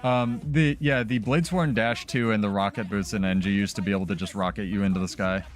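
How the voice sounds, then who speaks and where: A man's voice: lowish voice, fairly even intonation, brisk. A man talking casually as a streamer during live gameplay, loose and chatty with many fillers.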